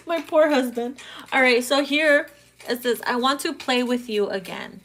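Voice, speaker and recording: A woman's voice: on the high side, expressive, takes it slowly, a bit bright, slight background noise. A woman giving a casual, crude, joking tarot reading, often breaking into laughter. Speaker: tarot reader.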